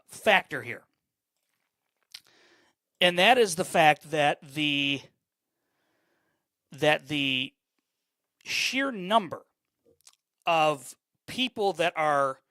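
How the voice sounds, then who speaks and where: A man's voice: high-pitched, bright, forceful tone, no echo. A man hosting a live sports podcast, rambling with fillers and repeated words and greeting viewers by name as he goes. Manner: greets chat viewers by name mid-thought. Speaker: podcast host. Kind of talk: live-streamed sports talk.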